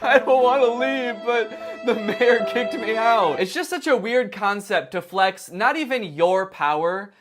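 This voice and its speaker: A man doing comedic commentary on short videos, sarcastic and incredulous with deadpan asides. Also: a little high. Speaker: commentary YouTuber.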